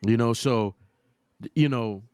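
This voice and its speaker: A man's voice: mid-range voice, measured pace, darkish tone, clear, resonant tone, dry recording. A man hosting a podcast in loose, profane chat, laughing often. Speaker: podcast host.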